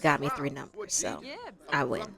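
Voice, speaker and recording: A woman's voice: a bass voice, moderate pace, vocal fry, a crowd in the background, pitched below the performer's own voice. A woman voicing a cocky, tattooed, muscular young male video game character, boastful and smug.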